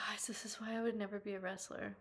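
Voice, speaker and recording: A young Irish woman hosting a live stream, chatting casually with viewers and reading their comments, giggling often, swearing freely and squealing when she gets excited. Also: mid-range voice, normal speed. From Ireland.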